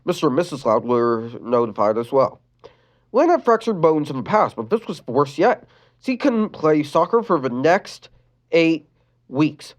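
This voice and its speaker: A storyteller reading a fan-written sad story aloud, expressive and stumbling on a few words. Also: medium pitch, a little slow.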